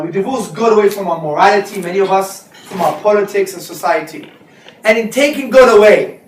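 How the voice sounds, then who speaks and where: A man giving a lively, joking lecture to students, slipping into street slang. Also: very high voice. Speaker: Islamic speaker. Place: lecture hall. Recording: echoey hall recorded from far off.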